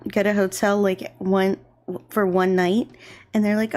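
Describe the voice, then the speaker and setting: A young woman streaming as a VTuber, chatting casually and rambling while she draws, keeping her voice deliberately low and soft. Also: level tone. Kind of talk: relaxed casual chat while drawing on stream. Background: faint gentle background music.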